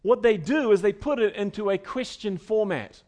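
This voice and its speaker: A man with a high, light voice delivers a sermon. He talks to the congregation in a conversational way, sliding between quiet asides and loud, emphatic runs. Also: moderate pace. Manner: conversational preaching, swinging from soft asides to loud emphatic bursts. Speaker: pastor.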